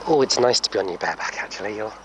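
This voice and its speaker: A man training a horse, talking softly and coaxingly to the animal while explaining to viewers in a casual vlog. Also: fairly low pitch, racing, slight background noise, low-quality recording. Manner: soft, coaxing talk to a horse, often hushed. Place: indoor horse stable area.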